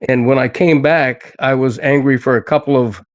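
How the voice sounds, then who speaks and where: A man's voice: mid-range voice, steady tone, moderate pace, dry recording. Older man, dry podcast voice. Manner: indignant, then laughs it off. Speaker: podcast host. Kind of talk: casual chat.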